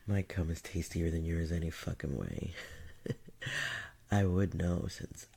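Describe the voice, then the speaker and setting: A man doing a deep, gravelly, taunting creature. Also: moderate pace, dark tone, full character voice. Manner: taunting, breathy, often whispered, with chuckles. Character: dominant, mocking non-human male creature. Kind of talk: whispered role-play.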